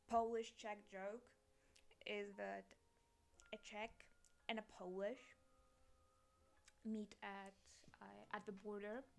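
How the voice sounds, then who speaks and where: A woman's voice: mid-range voice, vocal fry. A young woman from Eastern Europe chatting casually while drawing on stream, rambling, correcting herself and laughing often. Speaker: art streamer.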